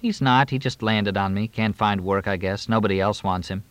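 A man's voice: on the low side, moderate pace, smooth, dry recording, natural voice. A man reading an audiobook, voicing a weary, unhappy young actress in a raised, lighter tone.

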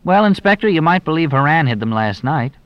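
A man voicing a quick-witted, evasive young man who answers briskly and glibly. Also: fairly high pitch, sing-song, smooth, no echo, lo-fi sound, voice pushed up. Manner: brisk, glib, deflecting.

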